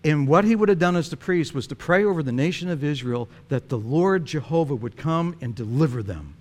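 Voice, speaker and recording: A male pastor preaching a sermon, telling a story in an animated way and chuckling often. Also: a little high, fairly quick.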